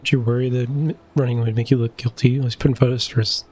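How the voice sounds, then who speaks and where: A man's voice: mid-range voice, level tone, quick pace, mellow, a little hiss or hum. A young man in his twenties, chatting offhandedly and joking while playing a game. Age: 20s. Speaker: gameplay streamer. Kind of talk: casual commentary over gameplay.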